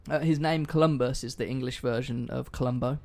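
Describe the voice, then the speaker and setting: A man's voice: medium pitch, steady tone, brisk, gravelly. A man hosting a casual history podcast, telling the story in a loose, sweary, joking way. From not American. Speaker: podcast host.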